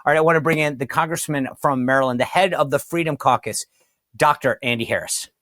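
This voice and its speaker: A man's voice: on the high side, fast talker, bright, forceful tone, dry recording, studio quality. A man hosting a talk show, chatting loosely through sponsor reads and stumbling over words. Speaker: podcast host. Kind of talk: casual host talk with ad reads.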